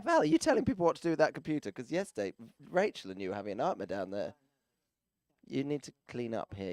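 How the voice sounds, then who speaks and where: A man's voice: mid-range voice, smooth, no room sound. A man commenting live as arena announcer, chatty and teasing, with jokey asides to people around him, speaking into a close microphone.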